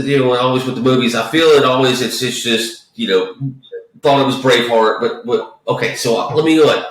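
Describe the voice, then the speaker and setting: A man's voice: mid-range voice, fairly bright tone. A man co-hosting a podcast, talking casually about a movie in a rambling, profane way full of restarts. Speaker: podcast co-host. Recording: echoey room, distant mic.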